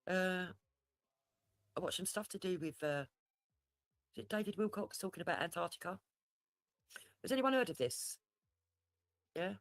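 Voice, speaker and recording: A man's voice: a little high, dry recording. A man hosting a casual livestream, rambling and swearing freely as he chats to viewers. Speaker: livestream host.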